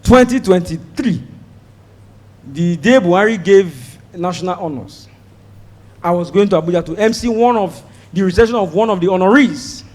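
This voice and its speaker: A Nigerian man performing stand-up comedy, telling a story in an animated way and slipping into pidgin, with a Nigerian accent. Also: high-pitched, moderate pace, pauses often. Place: live comedy show before an audience. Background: audience laughter.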